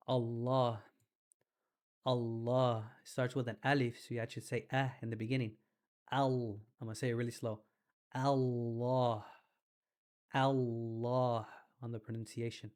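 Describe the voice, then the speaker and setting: Laid-back man teaching Arabic letters. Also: mid-range voice. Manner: relaxed, slangy, drawn-out demonstration of sounds. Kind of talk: casual recorded lesson.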